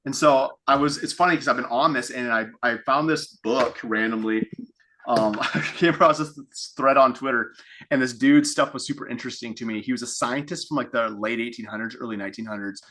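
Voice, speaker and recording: A man's voice: medium pitch, fairly quick, pushed and bright. A man giving a reflective coaching talk, thinking aloud with restarts and acting out inner thoughts in quotes. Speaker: fitness coach. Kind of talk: coaching call monologue.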